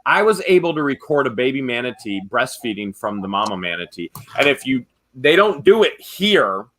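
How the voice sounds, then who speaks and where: A man hosting a family vlog, telling a story in a casual, animated way and mimicking people's voices. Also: moderate pace. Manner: animated, acts out quotes in a high shouting voice. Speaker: vlogger and family channel host.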